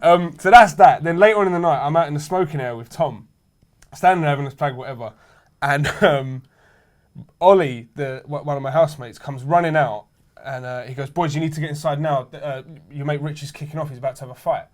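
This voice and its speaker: Male podcast co-host, animated storyteller, slightly higher voice, laughs along as he tells it. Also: fairly quick. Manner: lively, laughs through his own story. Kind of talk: casual storytelling chat.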